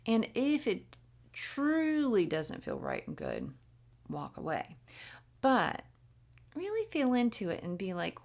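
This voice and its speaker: A woman's voice: fairly high pitch, huge pitch swings, slow, creaky, pauses often, darkish tone. A woman giving a casual spoken tarot reading, chatty and blunt, swearing freely and slipping into whispers. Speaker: tarot reader.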